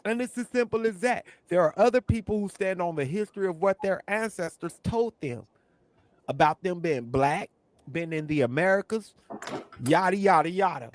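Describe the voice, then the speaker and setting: A man's voice: high-pitched, animated, normal speed, pauses often. A man arguing heatedly on a live stream debate, insistent and combative, repeating his points. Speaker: debate panelist.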